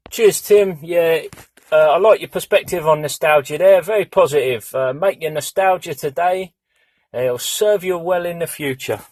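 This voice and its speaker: A man's voice: on the high side, moderate pace, darkish tone. A British man in his forties hosting a gaming podcast, chatting in a jokey, rambling way. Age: 40s. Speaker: podcast host. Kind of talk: casual podcast chat.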